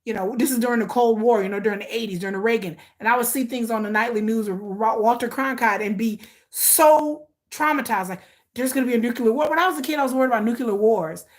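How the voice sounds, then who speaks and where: A woman's voice: a little high, fast, hardly any pauses. A woman, talking casually to viewers, telling stories and acting out quotes. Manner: animated storytelling, acts out quotes. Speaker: commentary vlogger.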